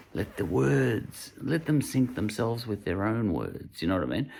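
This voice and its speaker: A low-voiced Irish man with a gravelly rasp, talking through a casual book review. His pitch swoops up and down a lot as he rambles, pausing and hunting for the right words. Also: a little hiss or hum. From Ireland. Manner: rambling, hesitant, searches for words.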